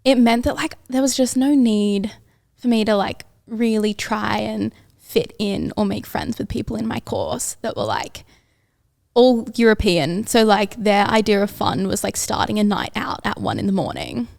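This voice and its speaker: A woman's voice: medium pitch, lively intonation, normal speed, creaky, darkish tone. A young Australian woman in her twenties, a podcast guest telling stories in a chatty way and saying "like" all the time. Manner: chatty storyteller, says "like" constantly. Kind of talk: casual chat. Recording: audio-only podcast.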